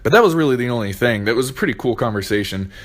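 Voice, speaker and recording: A man's voice: medium pitch, expressive, rapid-fire. A young man ranting a sarcastic, profanity-filled review with bursts of exasperation. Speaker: video reviewer.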